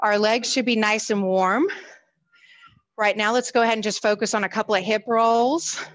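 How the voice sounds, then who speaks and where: A woman's voice: mid-range voice, steady tone, normal speed, rough recording. A woman, leading a seniors' exercise class over a video call, upbeat and counting reps aloud. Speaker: fitness instructor.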